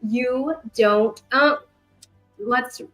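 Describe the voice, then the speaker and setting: A woman with a fairly high voice runs a tabletop game as game master. She narrates in a rambling way, corrects herself as she goes and drops in playful sound effects, with faint music underneath. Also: extremely slow, a bit bright, low-quality recording.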